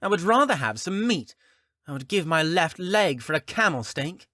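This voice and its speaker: A man's voice: a little high, sing-song, moderate pace, no echo, clean studio sound, pitched above the performer's own voice. A man voicing a witty, cheeky male shapeshifter who looks like a child. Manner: cheeky, sharp-tongued, whiny. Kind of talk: audiobook character reading.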